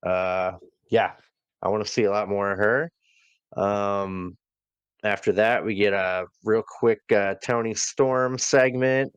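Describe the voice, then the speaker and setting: Guy slowly going thru his wrestling notes, lots of uhs, smooth voice, dry sound. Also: on the low side, fairly even intonation, no room sound. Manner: laid-back, many ums and uhs, reads from notes. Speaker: podcast co-host. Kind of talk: casual wrestling review chat.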